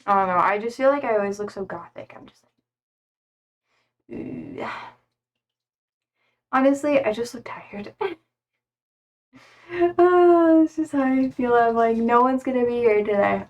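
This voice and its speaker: A woman's voice: a little high, expressive, unhurried, long pauses, darkish tone, muffled recording. A young woman streaming live, chatting casually with her viewers, laughing often and swearing freely. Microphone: streaming setup.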